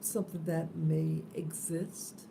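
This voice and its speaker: A woman hosting an early morning spiritual live stream, soft-spoken and drowsy, just woken up, talking into a phone held close in a room with an open window. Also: deep voice, little pitch movement, takes it slowly, creaky, noisy background.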